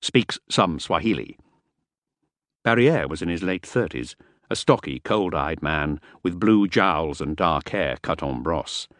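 A man narrating a first-person audiobook in a measured, understated way. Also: rumbling low, expressive, fairly bright tone, no echo, studio quality.

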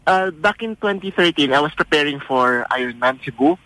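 A man's voice: a little high, lively intonation, brisk, sharp tone, low-quality recording. Hesitant Filipino man calling in. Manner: hesitant, mixes Tagalog and English. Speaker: caller. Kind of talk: phone-in anecdote.

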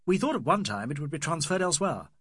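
A brusque, bitter young English official, as a male narrator plays him, with a curt, dismissive way of talking. His voice is husky and sits close in a dry recording. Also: fairly high pitch, very animated, fast talker, fairly bright tone, no room sound, full character voice. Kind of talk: audiobook character voice.

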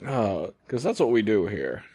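A man's voice: lowish voice, very animated, normal speed, warm tone, slightly rough. Rambling podcast co-host, a man. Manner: rambling, full of restarts and likes. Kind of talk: casual chat.

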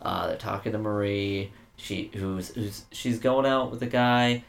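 A man's voice: lowish voice, little pitch movement, measured pace, gravelly. A man co-hosting a casual podcast, joking around and rambling with lots of fillers and restarts. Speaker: podcast co-host.

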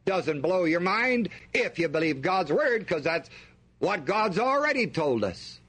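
A man's voice: high-pitched, very animated, unhurried, fairly bright tone, breathy edge. A male preacher delivering an emphatic sermon, reading scripture aloud and drawing the congregation in with questions.

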